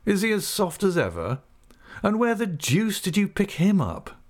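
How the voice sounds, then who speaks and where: A man reading an audiobook, voicing a jovial, careless young gentleman who talks in a hearty, mocking way. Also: high voice, wildly swooping pitch, moderate pace, pitched above the performer's own voice, exaggerated voice. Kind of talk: audiobook character voice.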